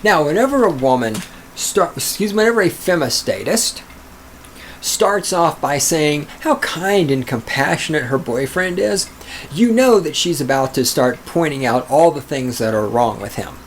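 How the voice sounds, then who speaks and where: A man's voice: fairly high pitch, lively intonation, normal speed, slight background noise. A man hosting a podcast, reading listener letters aloud and ranting at them in a profane, combative, sarcastic way. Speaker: podcast host.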